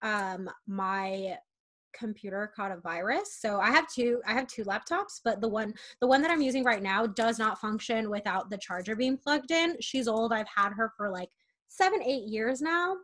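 Young woman podcaster, excitable but tired, kinda high voice. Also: normal speed. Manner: expressive, excitable. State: burnt out. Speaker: podcast co-host. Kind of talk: casual chat.

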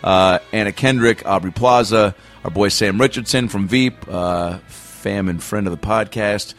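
A man's voice: on the low side, measured pace, a bit bright, faint music behind. A man hosting a podcast, reading an ad and introducing the show in a hyped, loose and profane way. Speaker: podcast host. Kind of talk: casual ad read and show intro.

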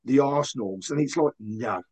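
A man's voice: mid-range voice, normal speed, a little mellow, slightly rough. A man guesting on a football podcast, earnest and agreeable in casual chat.

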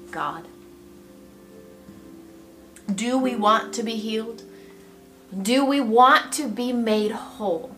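A woman giving a devotional Bible teaching in a reflective, gently expressive way. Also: medium pitch. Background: soft guitar music.

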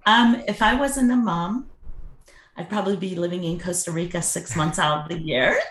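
A woman's voice: fairly low pitch, moderate pace, a bit bright. A woman, a mother and business coach, answering interview questions in an earnest, thoughtful way with many fillers. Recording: echoey room.

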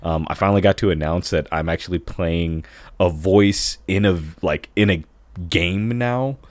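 Low-voiced rambling podcast guy. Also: normal speed, no room sound. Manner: rambling, heavy on fillers like "like" and "you know". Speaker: podcast co-host and voice actor. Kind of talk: casual chat.

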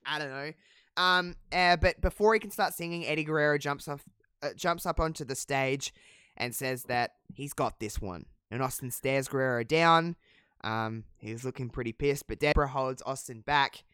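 A man's voice: mid-range voice, moderate pace, sharp tone, clean tone, no echo, clean studio sound. A man casually recapping a wrestling show as a podcast co-host, chatty and profane, with lots of fillers. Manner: chatty, profane, many fillers, laughs at own jokes. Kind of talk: casual chat.

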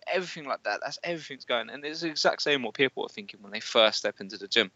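A young man co-hosts a casual podcast chat, blunt and full of swearing. His voice is bright and forceful. The sound is dry and a little dull. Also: medium pitch, animated, racing, hardly any pauses, dry recording. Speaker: podcast co-host.

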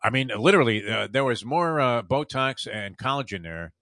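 A man's voice: mid-range voice, animated, normal speed, a bit bright, no room sound, clean studio sound. A man hosting a sports talk show, telling rambling, wry anecdotes with lots of fillers. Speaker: show host.

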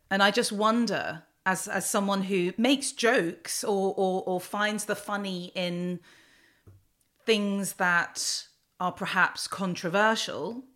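A woman from Central London interviewing a comedian, asking slow, measured questions with some hesitation. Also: on the low side, a bit bright.

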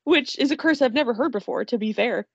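A woman co-hosting a podcast, with a higher, gravelly and breathy voice, giggling as she quotes movie lines. The sound is dry and dull, like a lo-fi recording. She talks casually and freely. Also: fast, dry recording. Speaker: podcast co-host. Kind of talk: casual chat about a movie.

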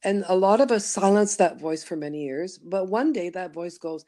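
Lively, expressive middle-aged woman storyteller. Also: on the low side, normal speed. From Canada. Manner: animated storyteller, acts out her inner voice in playful asides. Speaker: guest, studio founder and voice workshop leader. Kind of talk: conversational interview.

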